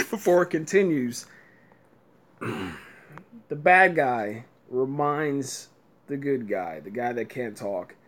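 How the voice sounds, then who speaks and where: A man's voice: medium pitch, a bit bright. A man giving a casual, exasperated review rant, stumbling and repeating words and breaking into laughter. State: tired, early morning.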